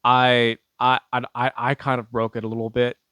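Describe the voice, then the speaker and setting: A man's voice: medium pitch, monotone, normal speed, a bit bright, clean tone, no echo. Young guy telling a story, laughs a lot, swears, dry close sound. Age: young adult. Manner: profane, laughing often, restarts a lot. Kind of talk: casual storytelling.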